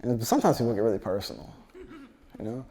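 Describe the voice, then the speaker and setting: A man's voice: mid-range voice, animated, fast talker, dark tone. A man in his twenties doing a stand-up comedy set at a live show, talking in a loose, rambling way with lots of filler words and acting out the voices of people in his stories. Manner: acts out quoted voices.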